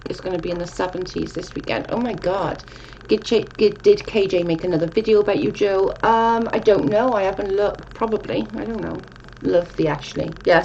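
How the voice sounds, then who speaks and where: A woman's voice: on the low side, creaky, a little mellow, highs cut off, slight background noise. A young woman casually chatting on a live stream, reading viewer comments and rambling, with casual swearing.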